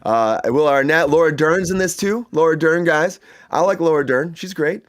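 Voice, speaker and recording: Man, fairly high voice, entertainment news host, casual chat, eager, rambling asides. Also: moderate pace. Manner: chatty and enthusiastic, many fillers and asides.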